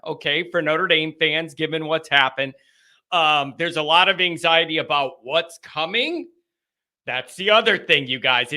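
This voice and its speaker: A man hosting a live sports call-in show, talking in an animated, rambling, chatty way. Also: fairly high pitch.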